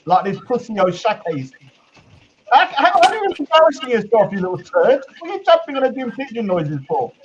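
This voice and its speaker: A man's voice: very high voice, sing-song, fairly quick, muffled recording, slight background noise. A young man hosting a live call-in stream, brash and teasing in casual chat. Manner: brash, teasing, mock-insulting.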